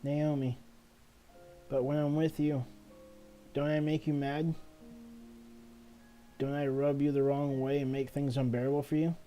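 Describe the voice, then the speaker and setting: A man voicing a heartbroken teenage schoolgirl in a game, talking in a high, strained, emotional voice. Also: little pitch movement, a little slow, pauses often, mellow, faint music behind, lightly acted. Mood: pleading. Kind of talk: reading game dialogue aloud.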